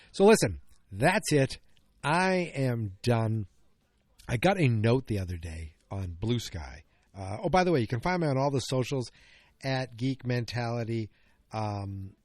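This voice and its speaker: A man's voice: lowish voice, a little mellow, dry recording, clean studio sound. A middle-aged man hosting a solo podcast, talking casually in a rambling, self-interrupting way that turns openly emotional. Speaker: podcast host.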